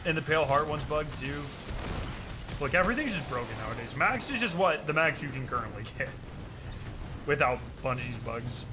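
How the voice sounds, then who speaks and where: A man streaming a game, chatting casually and excitably with plenty of slang and swearing. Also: medium pitch, normal speed, noisy background. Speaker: gaming streamer. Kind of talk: casual chat over gameplay.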